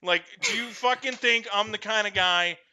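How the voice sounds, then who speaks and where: A man telling comedic stories in a profane, animated way, breaking into shrill shouted impressions. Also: normal speed, clear, resonant tone. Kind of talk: comedic storytelling.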